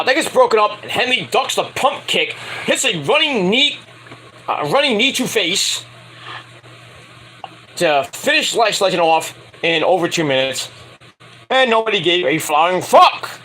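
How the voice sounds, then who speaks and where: A man's voice: sits high, sharp tone, slight background noise, low-quality recording. A man giving a casual, crude and opinionated wrestling review, swearing freely.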